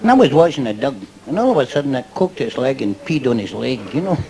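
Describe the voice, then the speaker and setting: A man's voice: medium pitch, big pitch swings, fast talker, dark tone. A Scottish man doing live stand-up, rambling through jokes and chuckling at his own lines. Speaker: stand-up comedian. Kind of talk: live stand-up joke telling. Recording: live club recording with audience laughter and noise.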